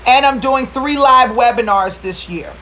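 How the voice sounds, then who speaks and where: Fired-up high-voiced woman coach. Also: a little slow, bright, forceful tone. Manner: fired-up, preachy, rallying. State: emotional, near tears. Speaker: recruitment business coach. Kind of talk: motivational live video talk.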